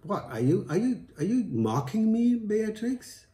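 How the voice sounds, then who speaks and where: A man's voice: mid-range voice, big pitch swings, unhurried, dark tone. A man doing a panicky, stammering husband. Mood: angry. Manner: agitated, stammering. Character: hot-tempered frightened middle-aged male husband. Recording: echoey room.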